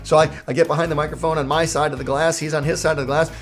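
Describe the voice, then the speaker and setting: A man's voice: fairly high pitch, level tone, very fast, hardly any pauses, faint music behind. A man, a cartoon creator, telling a jokey, self-mocking story in a casual vlog.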